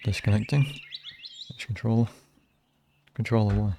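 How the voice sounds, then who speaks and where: A man's voice: on the low side, fairly even intonation, slow pace, noisy background. A man streaming a game, chatting casually and muttering to himself as he plays. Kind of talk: casual gameplay commentary.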